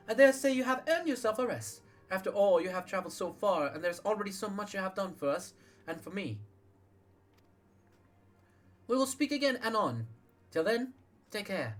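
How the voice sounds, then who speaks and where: A man's voice: sits high, a bit bright, pitched above the performer's own voice. A man doing a gracious young woman leader. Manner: formal old-fashioned speech.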